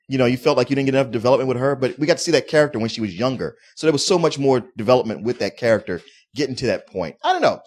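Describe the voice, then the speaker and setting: A man co-hosting a movie review show, giving his take in an easygoing, casual way. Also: on the high side. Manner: easygoing, laughs along, restarts his sentences. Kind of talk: casual chat.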